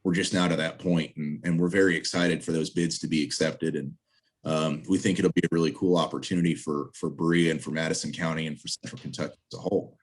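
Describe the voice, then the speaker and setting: A man's voice: very deep voice, steady tone, quick pace, husky. A man, president of a trail association, speaking earnestly and upbeat as a guest in a video-call interview, appealing for volunteers.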